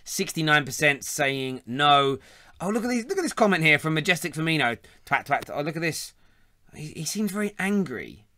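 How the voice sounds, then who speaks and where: A man's voice: fairly high pitch, sing-song, normal speed, sharp tone, no room sound. A man, hosting a live football phone-in, chatty and laughing often. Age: 30s. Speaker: phone-in host. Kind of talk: casual live show chat.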